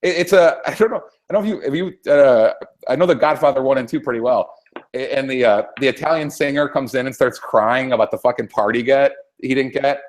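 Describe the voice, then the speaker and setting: A man's voice: mid-range voice, brisk. A man co-hosting a talk show, ranting heatedly about politics with constant swearing and rambling restarts. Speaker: co-host. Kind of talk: profane political rant.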